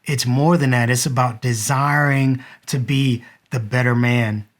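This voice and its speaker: A man's voice: medium pitch, fairly even intonation, a little slow. A man, in his thirties, earnestly telling a personal story to the viewer and reflecting on it as a father. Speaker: vlogger and father.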